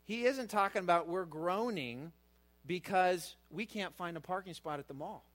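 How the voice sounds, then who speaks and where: Earnest preaching man, somewhat high voice. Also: normal speed, fairly bright tone. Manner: earnest, rises in pitch and volume for emphasis. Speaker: pastor. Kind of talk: sermon.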